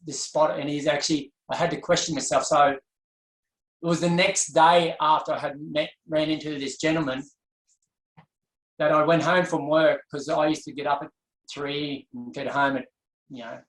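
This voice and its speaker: A man telling his personal story as an interview guest, earnest and reflective, pausing and restarting as he goes. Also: a little high, fairly bright tone. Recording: echoey room.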